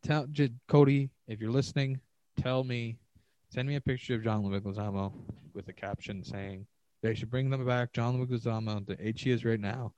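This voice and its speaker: A man talking solo on his podcast, rambling from one idea to the next with plenty of swearing and sarcasm. His voice sits at an ordinary middle pitch, and the sound is dry and close, with no room around it. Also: steady tone, moderate pace, darkish tone, no echo, dull audio. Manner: profane, rambling, sarcastic rants. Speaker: podcast host.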